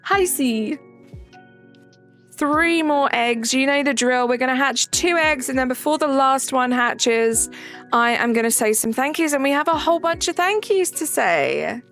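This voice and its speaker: Gravelly-voiced woman streamer. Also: sits high, animated, a little slow, fairly bright tone, soft background music. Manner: chatty, reads and answers chat messages aloud. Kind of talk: casual live-stream chat.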